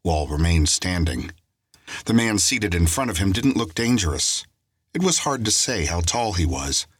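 A man narrating a crime story in a steady scripted audiobook reading. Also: deep voice, moderate pace, breathy edge, no room sound, studio quality.

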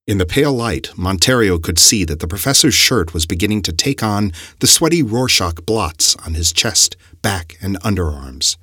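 A man narrating an audiobook story with expressive, dramatic delivery. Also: low voice, moderate pace, few pauses, husky, no echo, studio quality.

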